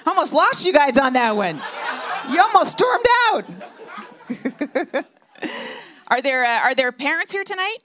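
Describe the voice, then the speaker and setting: A woman in her forties doing a stand-up set on a club stage, delivering dry, deadpan punchlines into a handheld mic. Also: high voice, a little slow, long pauses, a faint crowd, a little hiss or hum. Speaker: stand-up comedian.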